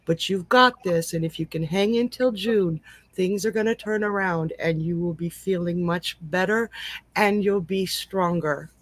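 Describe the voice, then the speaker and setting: A woman giving live psychic readings in a gentle, reassuring and emotional way. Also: on the low side, unhurried, no room sound. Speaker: psychic reader. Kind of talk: live online reading, casual chat.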